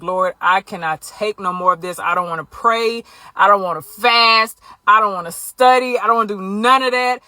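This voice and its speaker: A woman's voice: medium pitch, pushed and bright, no room sound. A woman giving an earnest, conversational faith testimony straight to her viewers. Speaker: Christian vlogger. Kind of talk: candid faith testimony to camera.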